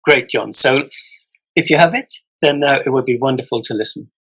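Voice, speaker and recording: A man's voice: medium pitch, normal speed, a bit bright, breathy edge, rough recording. A man hosting an author podcast, chatting casually and hesitantly. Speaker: podcast host. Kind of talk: casual interview chat.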